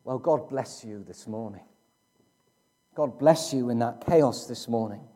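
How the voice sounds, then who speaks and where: A man preaching a sermon in a slow, emphatic way with dramatic pauses. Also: medium pitch, mellow.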